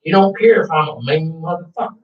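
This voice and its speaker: A man's voice: on the high side, animated, fast talker. A man telling an interviewer a rambling story, profane, agitated and boastful. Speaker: interviewee recounting a UFO encounter. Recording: echoey room, far from the mic, dull sound.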